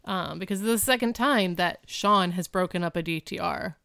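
A woman co-hosting a podcast, casually recapping a TV episode in a rambling, animated way with lots of filler words. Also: lowish voice, a little fast, dry recording, clean studio sound. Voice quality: very clear and crisp. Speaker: podcast co-host.

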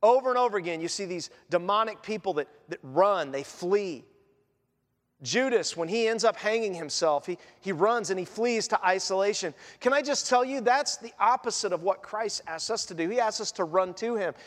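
A man, a pastor, preaching a sermon in an animated way, acting out the scenes and voices of the story he tells. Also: high voice, normal speed, long reverb tail.

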